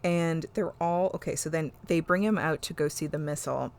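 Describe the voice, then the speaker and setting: A woman hosting a podcast, retelling a TV episode in a casual, animated way and swearing freely. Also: low voice, fairly quick. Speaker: podcast host. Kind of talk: casual chat recapping an episode.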